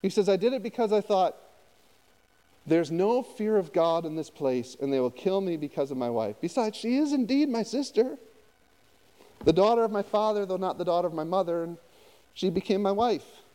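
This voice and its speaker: A man pastor preaching a conversational sermon, often turning to his listeners with quick questions. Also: high voice, big-room sound. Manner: conversational, animated, asks the audience often.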